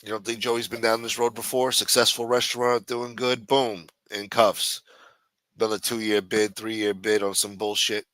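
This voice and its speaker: A man's voice: fairly low pitch, level tone, moderate pace, a bit bright, no room sound. Sardonic profane male talk show host. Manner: sardonic, profane, mumbling asides. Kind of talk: casual profane commentary.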